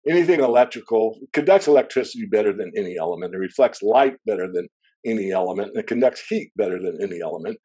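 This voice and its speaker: Man, interview guest, low voice, mellow warm tone, discursive asides, clears throat often. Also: expressive, quick pace. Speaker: precious metals analyst guest. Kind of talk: interview explanation.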